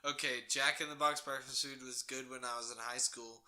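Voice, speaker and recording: A man's voice: mid-range voice, steady tone, fairly quick, sharp tone. A young man co-hosting a casual podcast, tossing out dry, offhand quips. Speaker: podcast co-host. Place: hot small room.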